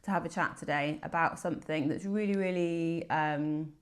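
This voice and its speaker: A woman hosting a casual chat with a friend, giggly and encouraging, asking gentle questions. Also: low voice, fairly even intonation, normal speed. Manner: warm, giggly interviewer. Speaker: host.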